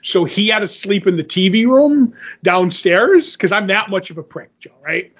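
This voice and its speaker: A man with a high, husky voice spins animated stories on a podcast, chuckling as he goes. The audio is dull and lo-fi. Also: moderate pace. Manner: animated, laughing while telling anecdotes. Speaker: podcast co-host. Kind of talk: casual storytelling chat.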